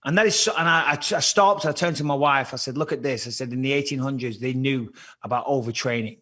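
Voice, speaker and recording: A man's voice: mid-range voice, quick pace, pushed and bright. A man with a Liverpool accent, a former fighter telling rambling, swear-filled stories as a podcast guest. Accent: British, Liverpool. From born in Cyprus on a British army base, raised in England. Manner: swears a lot, rambling storyteller. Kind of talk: casual podcast chat.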